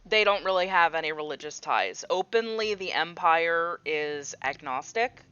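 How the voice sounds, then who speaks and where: A woman narrating as game master of a tabletop game, describing scenes slowly with many fillers. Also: fairly low pitch, expressive, sharp tone, smooth, highs cut off.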